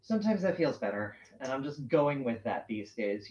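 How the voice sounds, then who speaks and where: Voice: mid-range voice, sing-song, moderate pace, a little mellow. Stream host, casual sewing chat, rambling and self-correcting; roomy, dull home audio.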